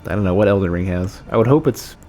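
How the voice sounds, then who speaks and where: A man's voice: low-pitched, fast, mellow, faint music behind. A man streaming a video game, thinking aloud about damage numbers and reacting as he plays in casual commentary.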